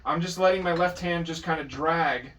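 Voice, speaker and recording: A man's voice: a little high, moderate pace, fairly bright tone, slight background noise. A man teaching a private drum lesson, patient but firm, correcting his student and counting out beats. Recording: distant mic with drums in the room.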